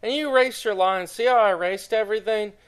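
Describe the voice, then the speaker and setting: A man's voice: high voice, fast, smooth. A young man casually narrating a drawing tutorial, chatty and enthusiastic, talking straight to his viewers.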